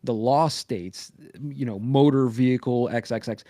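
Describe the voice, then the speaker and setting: A man co-hosting a live podcast in loose, profane chat. He rambles and checks in with "right?" again and again. His voice sits at a middling pitch in a dry, close recording. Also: fairly even intonation, a little slow, mellow, dry recording. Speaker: podcast co-host.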